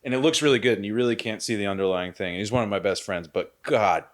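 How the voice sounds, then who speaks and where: A man's voice: fairly low pitch, quick pace. A man co-hosting a podcast, chatting casually, rambling through a story with lots of swearing and laughter. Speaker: podcast co-host. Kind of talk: casual chat.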